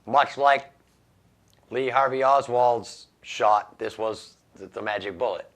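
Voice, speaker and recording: A man's voice: medium pitch, slow pace, fairly bright tone. A man hosting a radio show, reading odd news stories and making wry jokes about them, laughing at his own lines. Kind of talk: casual comedic news commentary.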